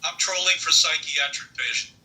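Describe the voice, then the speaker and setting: Joking man with a bright, slightly high voice. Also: moderate pace, recorded from a distance, rough recording. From California. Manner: joking, provocative. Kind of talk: casual political chat.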